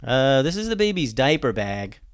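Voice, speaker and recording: A man's voice: mid-range voice, big pitch swings, normal speed, dry recording. A man voicing a dry-humoured teenage brother in a storybook. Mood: wry. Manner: dry, joking. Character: wry teenage pirate brother.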